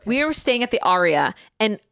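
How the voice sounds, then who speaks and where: A woman's voice: a little high, normal speed, creaky, clear, resonant tone. A young adult woman in casual chat, animatedly retelling events and quoting what others said. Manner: animated retelling with quoted dialogue.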